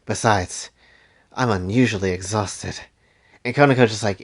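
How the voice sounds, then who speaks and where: A man's voice: lowish voice, normal speed, pauses often. A man casually narrating a fan story in a slangy, rambling, playful way.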